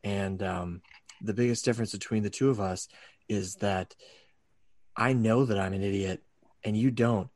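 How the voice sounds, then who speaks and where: A man's voice: lowish voice, no room sound, clean studio sound. A man hosting a podcast, talking in a rambling, sarcastic way with lots of restarts and fillers. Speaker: podcast host. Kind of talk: casual podcast banter. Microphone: studio microphone.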